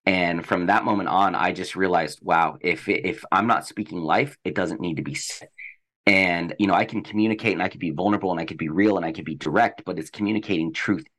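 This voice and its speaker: Low-voiced man sharing earnest testimony. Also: brisk, fairly bright tone. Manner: earnest and reflective. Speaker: podcast co-host. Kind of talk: personal faith testimony.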